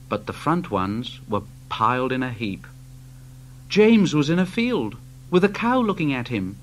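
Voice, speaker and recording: A man with a British accent reading a children's story aloud in an expressive storytelling voice. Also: mid-range voice, slight background noise. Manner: slow, lively storytelling. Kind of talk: storybook narration.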